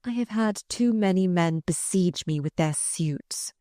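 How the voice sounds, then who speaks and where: A woman's voice: a little high, lively intonation, moderate pace, a little mellow, no echo, clean studio sound, pitched above the performer's own voice, natural voice. A woman reading aloud voices a pious, spirited young noblewoman who pleads with fervent conviction. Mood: weary.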